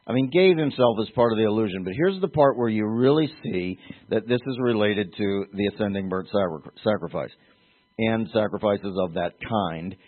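A man's voice: lowish voice, animated, moderate pace. Preacher man with a tinny phone-like sound. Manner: teaching, explains terms, asks congregation questions. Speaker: pastor. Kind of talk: sermon.

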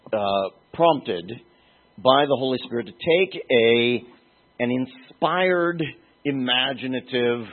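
Guy teaching scripture in a chatty way, asks the room questions, kinda raspy, tinny like over a phone. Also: medium pitch. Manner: musing, asks listeners questions, restarts phrases. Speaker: pastor teaching a Bible passage. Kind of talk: conversational Bible teaching.

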